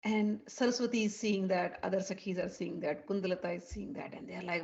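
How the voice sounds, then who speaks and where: A woman telling a devotional story in an animated way, acting out the characters. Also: medium pitch, brisk, gravelly. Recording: dull lo-fi recording.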